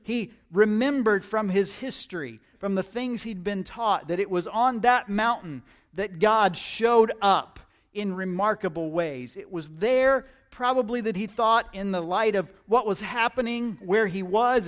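A man's voice: high-pitched, a little slow. A man preaching a sermon in a conversational, emphatic way, often repeating words as he starts a thought. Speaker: pastor.

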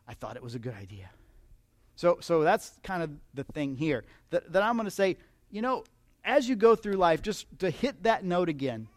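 This conversational sermon comes from a male pastor whose voice sits fairly high, speaking at normal speed. The sound is dry and close with no room sound, and he jokes easily while repeatedly asking his listeners questions.

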